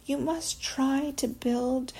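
A woman voicing a calm, wise female spider in a whispered role-play with a soft whisper. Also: high voice, slow pace, gravelly, breathy edge, heavily acted, rough recording.

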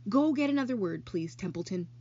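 A woman voicing a wise, kind female spider who talks in a gentle, coaxing, lively way. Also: mid-range voice, a little fast, husky, highs cut off. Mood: thoughtful.

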